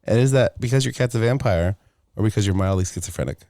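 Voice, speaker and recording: A man's voice: fairly low pitch, fast, dark tone, no room sound, studio quality. A man co-hosting a podcast, chatting casually and teasing the others with jokey asides. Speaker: podcast co-host. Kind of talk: casual chat.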